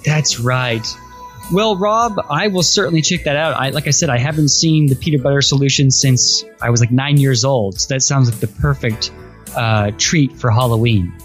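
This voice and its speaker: Faint music plays behind a man from Austin, Texas, who co-hosts a casual movie podcast. His medium-pitched voice moves at a normal speed with easygoing enthusiasm, and he keeps restarting his sentences.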